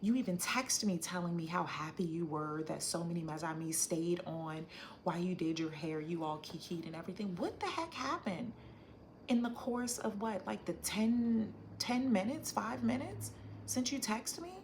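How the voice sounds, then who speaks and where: A woman's voice: fairly low pitch, moderate pace, a little hiss or hum, natural voice. A woman imitating her caring, upbeat best friend, who asks with concern what went wrong. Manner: concerned, questioning.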